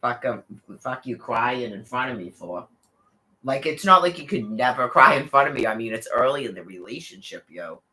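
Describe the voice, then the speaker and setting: A man's voice: medium pitch, lively intonation, normal speed, pushed and bright, rough recording. A man telling a long, rambling story in casual chat, cursing freely and leaning on "like" and other fillers. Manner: rambling, profane, full of fillers.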